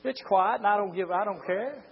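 The sermon comes from a pastor with a drawl, his husky voice raised in fiery preaching. He swings from quiet, low talk to drawn-out shouts, captured on a dull, lo-fi recording.

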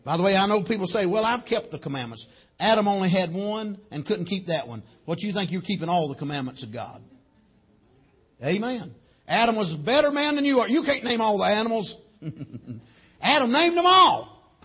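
Male preacher, high husky voice, preaches with big swings from shouting to hushed. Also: expressive, moderate pace. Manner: swings from loud shouting to low and quiet, punctuated with amen. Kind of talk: sermon.

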